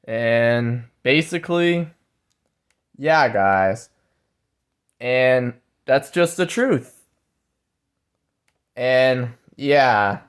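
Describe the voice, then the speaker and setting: A man's voice: mid-range voice, expressive, very slow, pauses often, clean tone. A man vlogging in a meandering, preachy monologue, repeating fillers and addressing viewers as guys. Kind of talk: rambling monologue to camera.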